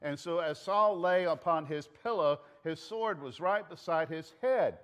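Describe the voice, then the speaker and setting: A man with a Southern US accent preaching a sermon as pastor, telling the story with animated delivery, shouting out lines and dropping to hushed asides. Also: fairly high pitch, unhurried.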